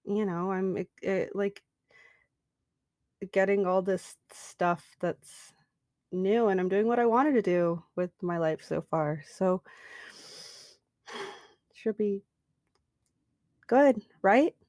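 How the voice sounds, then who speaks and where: Shy young wandering bard, halting and unsure, voiced by a woman player. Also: medium pitch, darkish tone, dry recording, studio quality, close to an everyday voice. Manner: hesitant, halting, many fillers.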